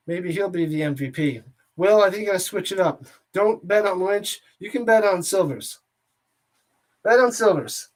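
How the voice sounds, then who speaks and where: A man hosting a watch party, giving casual play-by-play commentary in a jokey, excitable way that rambles between plays and shouts on big plays. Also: high-pitched.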